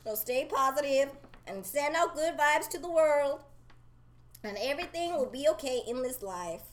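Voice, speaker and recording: A woman's voice: high voice, lively intonation, moderate pace, reverberant. A woman putting on a mock American accent to give life advice, giggling and preachy. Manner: giggly, preachy, breaking into laughter.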